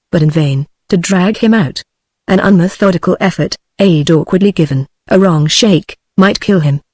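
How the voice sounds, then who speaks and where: A woman's voice: lowish voice, no echo. Synthetic British woman reading a novel. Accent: British English. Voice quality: even, mechanical delivery that reads punctuation aloud. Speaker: narrator.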